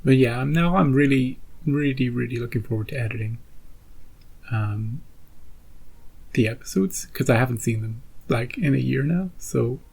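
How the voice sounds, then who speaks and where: A man's voice: medium pitch, moderate pace, gravelly, darkish tone, breathy edge, low-quality recording. A man hosting a reaction channel, chatting casually to his viewers in a rambling way and often repeating himself. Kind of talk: casual chat to camera.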